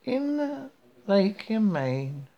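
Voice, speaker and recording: A cold, stern old woman guarding a secret, as a male narrator puts her on. She speaks slowly and firmly with a gravelly edge, pitched a touch high. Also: very animated, dull audio, full character voice. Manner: cold, firm, measured. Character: cold, stern elderly woman protecting a siren.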